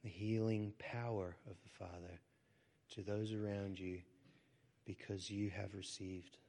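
A pastor leading healing prayer, speaking softly and often sinking into a whisper, then rising into firm declarations. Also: male voice, fairly low pitch, steady tone, a little slow. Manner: soft prayerful delivery, often dropping to a whisper; rises to forceful declarations. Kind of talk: prayer ministry sermon.

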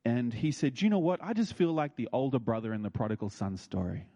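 A man preaching a sermon, telling stories and acting out what people said, with his voice leaping high when excited. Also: fast. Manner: animated, leaps high when excited, acts out quotes. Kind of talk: sermon with storytelling.

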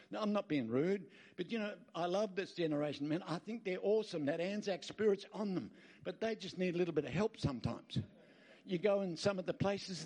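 A middle-aged Australian man preaching a sermon, telling stories with jokes and asides to the congregation. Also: a little high. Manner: lively storytelling with jokes and asides. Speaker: pastor.

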